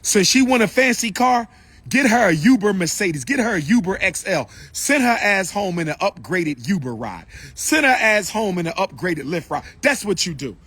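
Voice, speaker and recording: Man, husky voice, preachy lecture, repeats himself. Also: high voice, sing-song, normal speed, hardly any pauses, a bit bright. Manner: preachy, repetitive, calls out to the audience. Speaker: speaker addressing an audience. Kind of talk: impassioned lecture.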